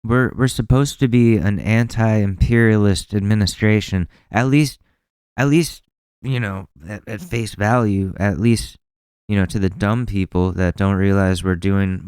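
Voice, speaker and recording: A man's voice: lowish voice, fairly even intonation, unhurried, a little mellow, smooth, dry recording. A young man hosting a podcast, ranting casually with lots of swearing and exasperated rambling. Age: young adult. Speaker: podcast host. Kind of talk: casual opinionated chat.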